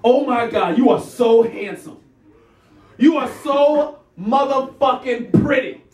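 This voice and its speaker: A man's voice: very high-pitched, slow, darkish tone, voice pushed up. A man voicing a brash, lusty woman just out of prison, making pushy, breathless come-ons, heard from a distant mic in an echoey room. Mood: flustered.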